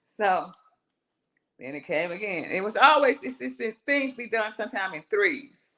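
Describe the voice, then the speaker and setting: Animated woman telling her story. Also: medium pitch, moderate pace. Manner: animated, acts out her own voice and inner voices, calls the listener "girl". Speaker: singer and songwriter guest. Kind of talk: personal storytelling on a live show.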